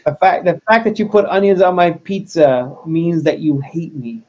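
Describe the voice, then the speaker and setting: A man's voice: fairly high pitch, normal speed, a little mellow, lo-fi sound. A man, a wrestler as interview guest, chatting casually in a joking, self-deprecating way.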